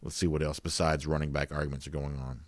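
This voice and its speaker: A man's voice: very deep voice, little pitch movement, fast talker, no room sound. A man hosting a casual sports talk show, chatting loosely with plenty of "you know" fillers and reading out viewer comments.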